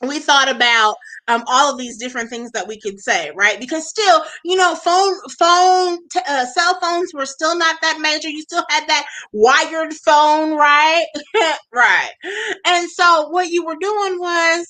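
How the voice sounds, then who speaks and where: A woman's voice: high-pitched, unhurried, bright, forceful tone. A woman in her forties hosting a radio show, chatting casually, laughing often and talking straight to her listeners. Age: 40s. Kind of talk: casual chat.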